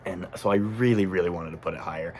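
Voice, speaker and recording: A man's voice: deep voice, fast, a little mellow, a little hiss or hum. A man talking casually as a music critic, thinking aloud with frequent ums and self-corrections. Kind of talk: casual album review monologue.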